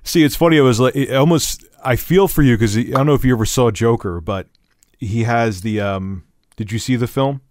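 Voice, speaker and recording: A man's voice: medium pitch, a little fast, a little mellow, no echo, clean studio sound. A man hosting an interview, asking chatty, meandering questions with laughs. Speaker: interview host. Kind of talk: casual conversational interview.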